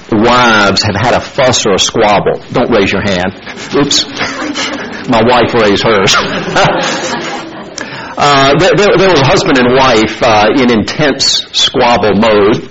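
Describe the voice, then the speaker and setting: A man's voice: lowish voice, highs cut off. Man preaching, folksy storytelling. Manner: folksy storytelling with fillers and repeats. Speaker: pastor. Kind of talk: scripture reading then sermon.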